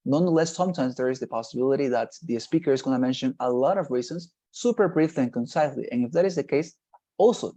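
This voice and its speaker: Male teacher, mellow warm voice, explanatory, online class, video call audio. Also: medium pitch. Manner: explanatory, repeats "nonetheless" and "right?". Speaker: English exam teacher.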